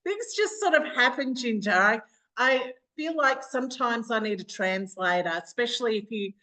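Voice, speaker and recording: A bubbly Australian woman runs a live online training session as a business coach. She talks in a chatty, warm-hearted run and breaks into laughter often. Her voice comes through a video call. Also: on the high side, lively intonation, moderate pace, low-quality recording.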